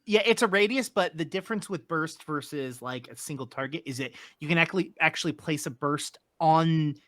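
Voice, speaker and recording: A man running a tabletop game as game master, explaining rules in a relaxed way with many fillers. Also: fairly high pitch, a little fast. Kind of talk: narrating and ruling a tabletop game.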